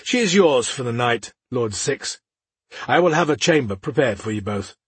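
A man voicing a cruel, commanding female goddess ruler in an audiobook, with a husky, gloating manner. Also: medium pitch, animated, normal speed, fairly bright tone, dry recording.

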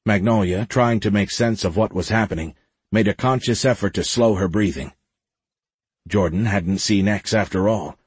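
A man narrating an audiobook in a steady, dramatic storytelling way with a husky voice. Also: on the low side, moderate pace, dry recording. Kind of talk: scripted narration.

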